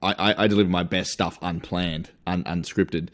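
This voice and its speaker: A deep-voiced man, co-hosting a casual podcast. He rambles easily and drops in plenty of fillers as he talks. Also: steady tone, moderate pace. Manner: laid-back, rambling, many fillers. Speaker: podcast co-host.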